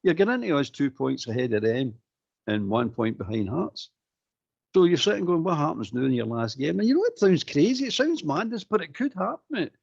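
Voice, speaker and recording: A Scottish man on a football phone-in, talking in an animated way, repeating himself and calling the host "mate". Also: a little high, a little fast, vocal fry, slightly rough, muffled recording. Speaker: caller.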